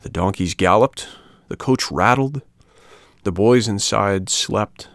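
A man reading a classic children's story aloud in a measured, even way. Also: on the low side, vocal fry, dry recording, clean studio sound. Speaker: audiobook narrator. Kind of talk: storybook narration.

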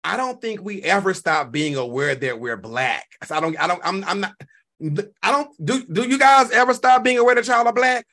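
High, bright-voiced animated man. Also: normal speed. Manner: animated, profane, talks back to chat. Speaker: live stream host. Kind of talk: casual live stream commentary.

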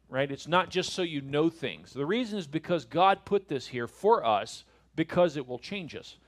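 A middle-aged man teaching a Bible lesson in a conversational way, often asking rhetorical questions. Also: a little high.

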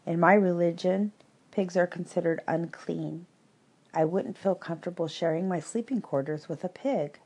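A woman's voice: lowish voice, normal speed, mellow, husky. A woman voicing a polite apologetic rabbi. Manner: courteous, apologetic.

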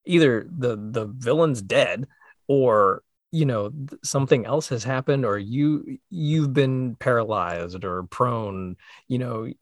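A man co-hosting a podcast, relaxed and agreeable, chatting casually about playing tabletop games. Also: mid-range voice, slow, dry recording, clean studio sound. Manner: relaxed, agreeable, brief affirmations. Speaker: podcast co-host and player. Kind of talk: casual chat.

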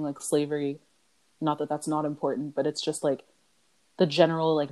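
A woman's voice: low-pitched, darkish tone. A young woman co-hosting a casual podcast, frank, exasperated and profane. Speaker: podcast co-host.

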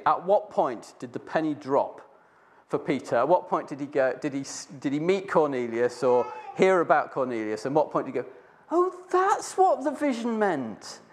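A man telling a Bible story in casual talk, rambling with many restarts. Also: mid-range voice. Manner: rambling with many restarts, acting out voices in quotes. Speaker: speaker sharing a Bible reflection.

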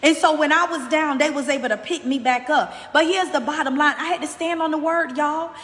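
Woman preaching faith to her listeners, high voice, big echoey room w/ long reverb. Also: fairly quick, fairly bright tone. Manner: fervent, preacherly, speaks directly to listeners. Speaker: host of a motivational faith podcast. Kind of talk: inspirational faith message.

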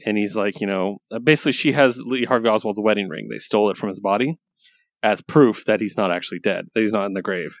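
Easygoing low-voiced podcast guy. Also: fast, no echo. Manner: loose and rambling, enthusiastic, swears casually. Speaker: podcast co-host reviewing comics. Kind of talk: casual chat.

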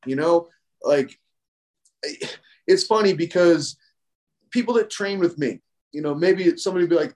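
A man with a slightly high-pitched voice, speaking as a coach on a podcast. His delivery is casual and blunt, heavy on "like" and built on repeated phrases that stack up for emphasis. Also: moderate pace, pauses often, a little mellow. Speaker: strength coach and podcast guest. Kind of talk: casual conversational explanation.

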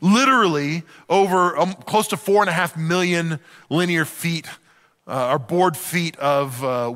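A middle-aged male pastor preaches in a relaxed, joking, candid way. His voice sits fairly high and rings bright. A long church reverb trails behind every phrase. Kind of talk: sermon.

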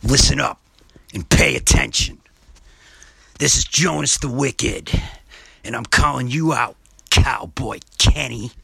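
A man voicing a menacing male wrestling villain in a gravelly, taunting promo. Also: mid-range voice, takes it slowly, pauses often, bright, forceful tone, no echo, exaggerated voice. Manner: growling wrestling promo, drops to a whisper.

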